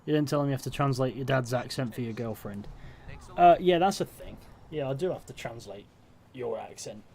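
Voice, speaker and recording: A man's voice: medium pitch, fairly quick, a little mellow. An English man giving casual, rambling commentary while live-streaming a video game, with dry asides. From England. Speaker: gaming streamer. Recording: noisy game sounds behind.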